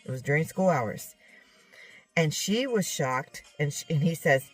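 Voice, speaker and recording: A woman's voice: sits low, lively intonation, a little slow, breathy edge, soft background music. A woman teaching from scripture and retelling a dream in a rambling way, often checking in with "okay?" and correcting herself. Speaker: Bible teacher.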